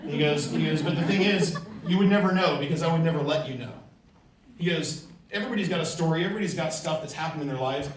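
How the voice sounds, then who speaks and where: With a fairly high voice and a quick pace, a middle-aged Californian motivational speaker tells stories to a large hall audience, playing out the conversations within them. Crowd noise is audible, and the distant mic catches the hall's echo.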